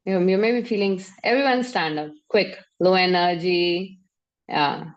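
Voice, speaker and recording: A woman with an Indian accent leading a live online class, energetic and coaxing, laughing along with her students. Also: on the low side, moderate pace, lo-fi sound. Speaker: yoga and breathwork instructor.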